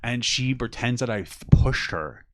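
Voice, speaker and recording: A man's voice: mid-range voice, lively intonation, normal speed, no echo. A man, co-hosting a casual podcast, full of crude jokes and laughter. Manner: crude joking banter, laughs often. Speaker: podcast co-host. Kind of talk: casual chat.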